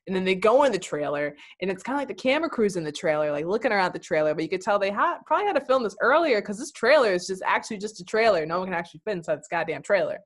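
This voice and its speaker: A woman with a fairly low voice co-hosts a casual recap. She is sarcastic, swears freely, and mimics people as she retells scenes. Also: expressive, fast talker, few pauses. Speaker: podcast co-host.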